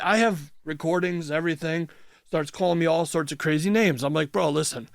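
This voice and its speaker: Blunt, higher-voiced man telling a story. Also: gravelly, no echo, clean studio sound. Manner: blunt, swears freely, retells events in quick clipped phrases. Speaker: interview guest. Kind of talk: casual storytelling. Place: radio studio. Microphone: studio microphone.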